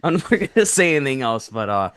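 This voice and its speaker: A man's voice: medium pitch, sing-song, fast, fairly bright tone, smooth, no room sound, clean studio sound. A man calling in to a hockey stream, chatting casually and hesitantly, repeating himself and chuckling often. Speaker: regular caller. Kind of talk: casual call-in chat.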